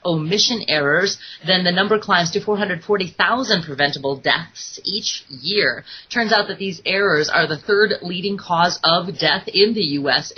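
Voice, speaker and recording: A woman hosts a call-in radio talk show with a husky, slightly low voice. She talks loosely, full of fillers, and reads out figures along the way. The audio is dull and lo-fi, like an internet radio stream. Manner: chatty, many fillers, reads out statistics.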